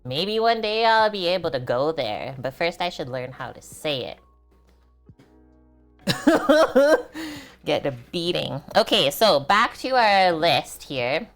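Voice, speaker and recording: A woman's voice: low-pitched, lively intonation, unhurried, a bit bright, soft background music. A woman streaming while she cooks, chatting casually with viewers, answering their comments and laughing often. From Canada. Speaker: cooking streamer. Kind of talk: casual livestream chat while cooking.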